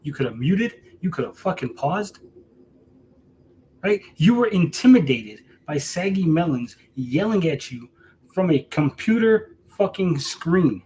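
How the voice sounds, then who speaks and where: A man's voice: on the high side, big pitch swings, measured pace, warm tone, a little hiss or hum, rough recording. A man delivering a heated, profane callout rant to camera, repeating himself and mocking his target. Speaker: streamer.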